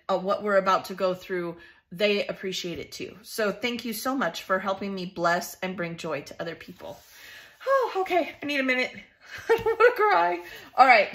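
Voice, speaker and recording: A woman's voice: mid-range voice, sharp tone. A woman vlogger unboxing scrapbooking supplies at her craft desk, gushing and emotional, laughing often in casual chat.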